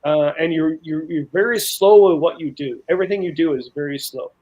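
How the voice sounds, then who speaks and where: A man's voice: on the high side, brisk, a little mellow, rough recording. A man telling long, rambling outdoor stories in a casual panel chat, with frequent restarts. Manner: rambling storyteller, many restarts.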